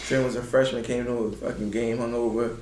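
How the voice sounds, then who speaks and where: A man, a former college basketball player, casually telling stories in laid-back slang and acting out quotes with big jumps in his voice. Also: fairly quick. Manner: animated, acts out quotes with big pitch jumps. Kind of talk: casual storytelling. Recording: roomy sound with faint noise.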